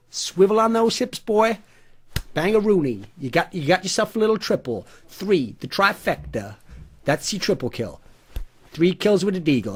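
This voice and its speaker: A man's voice: high-pitched, voice pushed up. A man putting on a cocky drawling shooter player. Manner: folksy bragging drawl, rough mock accent.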